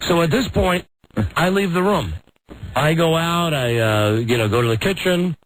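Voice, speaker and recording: A middle-aged American man hosting a radio talk show, telling a self-mocking story in a lively, animated way. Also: on the high side, normal speed, no room sound, low-quality recording. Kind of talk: casual on-air storytelling.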